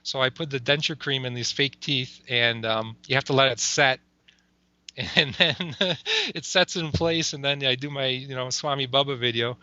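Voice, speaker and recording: A man's voice: medium pitch, normal speed, pushed and bright, dry recording, muffled recording. A man who makes comedy videos, talking casually as an interview guest, rambling with lots of fillers and frequent laughter.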